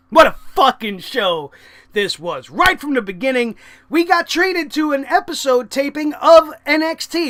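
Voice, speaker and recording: A man's voice: very high-pitched, pushed and bright. A man reviewing a wrestling show in a profane vlog rant, swearing constantly and getting angry.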